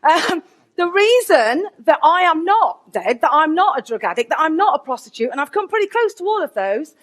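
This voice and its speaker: A woman, a teacher giving a candid, lively conference keynote with asides to the audience. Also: extremely high pitch, normal speed. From England, Nottingham.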